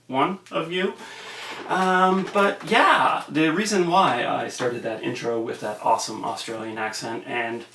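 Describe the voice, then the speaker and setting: Young man, casual film review, rambling and hesitant, gravelly voice, echoey room, distant mic. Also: mid-range voice, bright, forceful tone, a little hiss or hum. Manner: rambling, hesitant with many fillers. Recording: roomy echo, mic at a distance.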